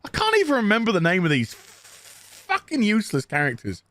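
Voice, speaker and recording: A man's voice: high-pitched, huge pitch swings, normal speed, a bit bright, dry recording. A man giving a crude, sarcastic, mocking recap of a TV episode as a show reviewer.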